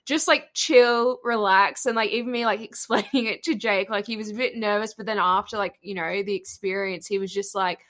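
Woman interviewer, bright forceful voice, chatty, filler-heavy, laughing. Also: mid-range voice, brisk, few pauses. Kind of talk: casual interview chat.

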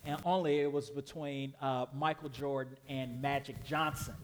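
A man's voice: mid-range voice, fairly even intonation, normal speed, slight background noise. A man from Chicago preaching a sermon, conversational and emphatic, with fillers and repeated words. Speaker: guest preacher.

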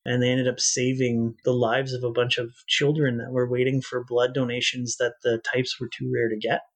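Husky man telling his story. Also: medium pitch, level tone. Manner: earnest, reflective, halting restarts. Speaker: guest. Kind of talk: personal storytelling in an interview.

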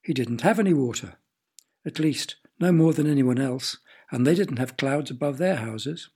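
A man narrating a children's story in a gentle, playful way, sometimes asking the listener questions. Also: mid-range voice, moderate pace, husky.

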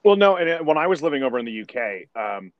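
A man, a stage actor, chatting as a podcast guest and telling stories in an animated way, often correcting himself as he goes. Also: medium pitch, fast talker, dry recording, muffled recording. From United States. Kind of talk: casual podcast conversation.

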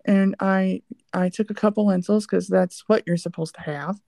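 A woman's voice: medium pitch, steady tone, moderate pace, creaky, warm tone, dry recording, studio quality. A woman hosting a casual chat, talking at length and listing things one by one. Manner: chatty, lists things at length. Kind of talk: casual chat about food.

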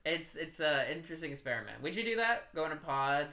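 A woman's voice: low voice, big pitch swings, fast, sharp tone. A woman co-hosting a podcast, retelling a folk tale in a casual, giggly, rambling way. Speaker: podcast co-host.

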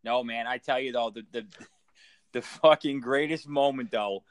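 Dude cussing his way through a bar story, mid-pitched voice, dry sound. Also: normal speed, dry recording. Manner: profane storyteller, laughs often. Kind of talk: casual chat.

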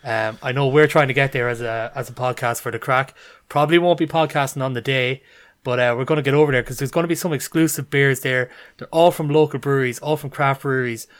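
A man's voice: medium pitch, steady tone, fast talker. A man co-hosting a podcast, chatting with enthusiasm. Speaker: podcast co-host. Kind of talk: casual chat.

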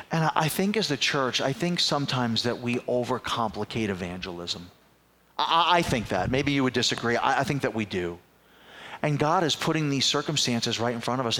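A middle-aged man, a pastor preaching a sermon and telling personal stories, acting out other people's voices along the way. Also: mid-range voice. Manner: animated storyteller who acts out other voices. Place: church sanctuary.

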